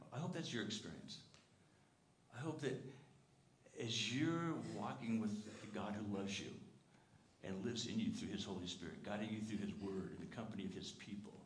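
A man's voice: on the low side, slight background noise. A male pastor preaching a sermon in a church, earnest and conversational, asking the congregation questions and sometimes stumbling over repeated words. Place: church sanctuary. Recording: echoey church sanctuary.

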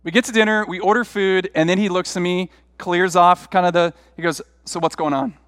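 A man's voice: sits high, little pitch movement, fairly quick, a bit bright, smooth, dry recording, clean studio sound, big-room sound. A middle-aged man, a pastor, preaching a sermon through rambling, self-deprecating personal stories in a conversational way.

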